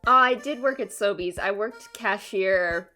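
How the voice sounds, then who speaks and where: A woman's voice: medium pitch, unhurried, bright, forceful tone, faint music behind. A young woman from Canada chatting casually on a live stream, laughing often and answering her chat.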